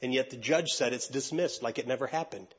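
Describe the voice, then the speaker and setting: Mid-range and slightly rough, the voice of this older pastor runs a little fast over dull audio. He preaches a sermon, spinning an animated personal story and performing the other characters' voices.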